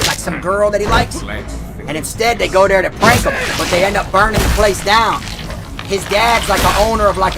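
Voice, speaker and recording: On a casual gaming stream, a man tells rambling stories in slang, frequently starting his sentences over, while game music plays softly underneath. He has a high, gravelly voice with a bright and forceful edge.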